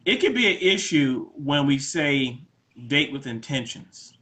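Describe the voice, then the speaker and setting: Laid-back man with a bright voice. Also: on the high side, animated, measured pace. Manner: laid-back, reflective, acts out quoted lines. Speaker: podcast co-host. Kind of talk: casual conversation.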